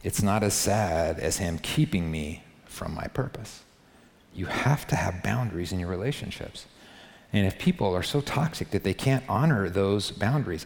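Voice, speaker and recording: Male pastor, lowish voice, emphatic and repetitive, preaching in a big echoing hall. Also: animated, normal speed, gravelly. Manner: emphatic, repetitive, talks straight to the congregation. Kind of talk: sermon. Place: large hall before a live congregation. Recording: long hall reverb.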